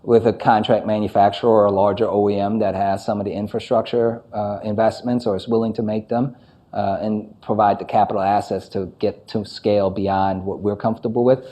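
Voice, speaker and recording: A man answering audience questions after a talk, measured and a little halting, correcting himself as he goes. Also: fairly low pitch, level tone, dark tone. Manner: measured, with fillers and self-corrections. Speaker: conference speaker. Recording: dull, lo-fi recording.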